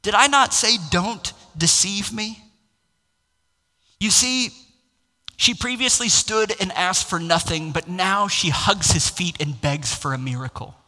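A man's voice: fairly high pitch, measured pace, pushed and bright. A man preaching a sermon as pastor, impassioned and building to raised exclamations. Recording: long hall reverb.

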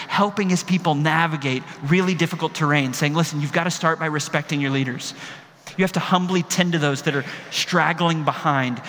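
A man's voice: a little high, a bit bright, big-room sound, slight background noise. A man preaching a sermon as a pastor, emphatic and building to impassioned peaks, speaking in a large room.

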